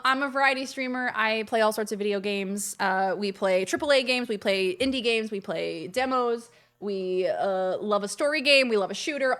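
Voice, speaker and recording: A woman's voice: mid-range voice, a bit bright. A young adult woman hosting a casual live game stream, chatting to viewers in a bubbly, gushing way. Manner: chatty, bubbly, gushes when greeting viewers.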